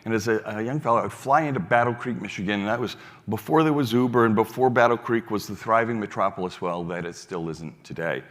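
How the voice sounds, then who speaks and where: A man's voice: lowish voice, fast talker, a bit bright. An older man giving a keynote talk on stage, telling a story and acting out its dialogue in different voices, with frequent restarts. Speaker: foundation leader giving a keynote. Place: large hall on stage. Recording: long hall reverb.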